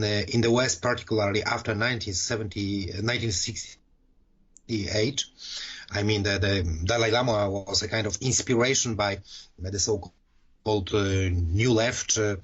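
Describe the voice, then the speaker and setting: Husky low-voiced man, halting delivery. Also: a bit bright. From Poland. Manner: hesitant, many fillers and restarts. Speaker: podcast co-host. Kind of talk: casual political discussion. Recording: dull lo-fi sound.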